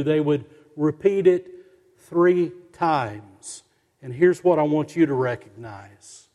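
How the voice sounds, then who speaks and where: A male pastor delivering a sermon at a deliberate, unhurried pace, lingering on each stressed word. His voice sits a little high for a man. The sound carries a long reverb, as in a church sanctuary. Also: mellow. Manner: slow, emphatic preaching with dramatic pauses.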